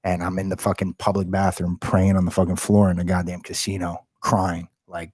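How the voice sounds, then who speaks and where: A man telling a story as a podcast guest, loud, slangy and full of swearing. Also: low-pitched, monotone, normal speed, hardly any pauses, breathy edge, dry recording, studio quality. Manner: loud, heavily profane, fired-up storytelling; slangy, calls listeners bro and dude. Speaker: podcast guest, realty company head. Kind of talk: casual storytelling chat.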